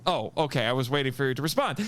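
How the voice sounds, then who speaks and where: A man's voice: mid-range voice, very animated, quick pace, a bit bright, slight background noise. A man co-hosting a podcast, chatting casually and meandering, laughing easily. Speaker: podcast co-host.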